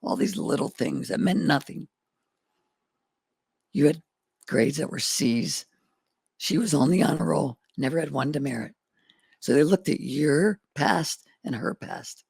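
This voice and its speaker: A middle-aged guest entrepreneur recounts his life in a candid storytelling interview, folksy and earnest, quoting past conversations as he acts them out. His voice is on the high side, creaky, slightly rough, and a little mellow, with lively intonation, a measured pace, and long pauses. There's no room sound.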